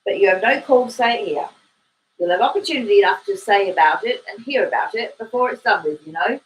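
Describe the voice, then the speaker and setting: A woman's voice: medium pitch, expressive, fast talker, natural voice, low-quality recording. A woman reading aloud, voicing a stern, cool male army sergeant who speaks curtly.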